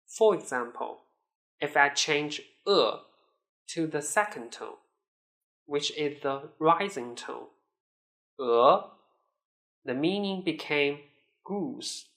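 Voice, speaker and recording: Woman teacher, very slow and careful, bright voice, models each syllable clearly. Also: sits low, expressive. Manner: careful, deliberate enunciation with repeated model syllables. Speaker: Mandarin teacher. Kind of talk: pronunciation lesson.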